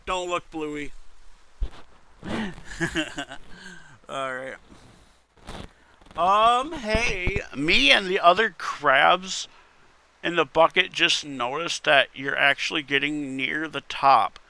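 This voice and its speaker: Slow, creaky-voiced man reading posts. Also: on the high side, bright, forceful tone, a little hiss or hum. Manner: wry, swears casually, mutters to himself. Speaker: content creator reading posts. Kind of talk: casual commentary, reading posts aloud.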